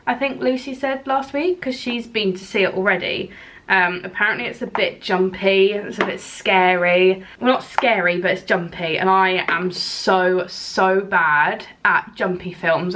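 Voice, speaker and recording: A woman's voice: mid-range voice, fairly bright tone. Chatty english girl in her twenties rambling thru a vlog, laughing at herself. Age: 20s. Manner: chatty, rambling, self-deprecating. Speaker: vlogger. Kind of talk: casual vlog chat.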